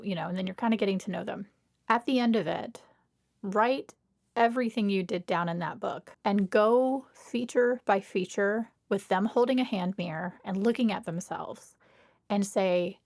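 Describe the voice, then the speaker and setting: A woman's voice: mid-range voice, vocal fry, darkish tone. Chatty woman podcast host giving makeup advice. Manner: chatty, frank, quick bursts with acted-out client dialogue.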